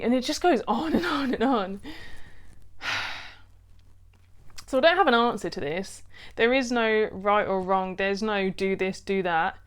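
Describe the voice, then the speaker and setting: A young woman talks straight to her viewers in a personal vlog. She is blunt and frank, laughs often at herself, and swears casually. Her voice sits at an ordinary middle pitch. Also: unhurried, pauses often. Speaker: vlogger. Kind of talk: candid personal vlog talk.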